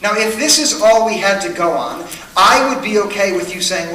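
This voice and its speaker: Man, high bright voice, earnest sermon, repeated questions, roomy hall, mic set back. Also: lively intonation, normal speed, a little hiss or hum. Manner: earnest, questioning, builds with repetition. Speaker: pastor. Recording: echoey hall, mic at a distance.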